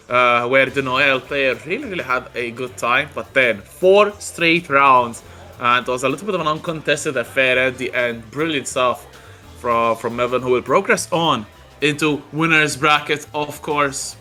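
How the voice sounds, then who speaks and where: Bright-voiced male esports co-commentator. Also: medium pitch. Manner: analytical, hesitant with many uh fillers. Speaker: fighting game co-commentator.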